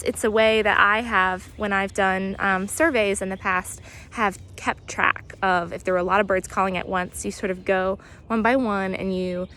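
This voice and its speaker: A woman guiding an outdoor nature walk, explaining bird sounds in a relaxed way with many pauses and imitating the calls. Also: medium pitch. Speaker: naturalist guide. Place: outdoors near hedges and compost bins.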